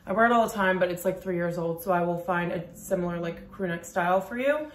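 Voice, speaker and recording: A woman vlogger chatting casually through her outfits on a lunch break, talking quickly with a lot of "like" fillers. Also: fairly low pitch, slight background noise. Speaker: fashion vlogger. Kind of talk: casual outfit walkthrough to camera. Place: room at home during a work lunch break. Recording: roomy echo.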